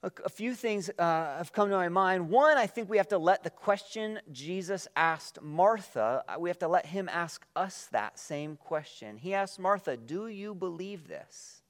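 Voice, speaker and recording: An earnest male pastor delivering a sermon in a slightly higher-than-usual voice. He reads scripture aloud with quiet emphasis and lets his phrases fall away softly and slowly. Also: expressive. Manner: earnest, reflective, with slow emphatic drops at phrase ends.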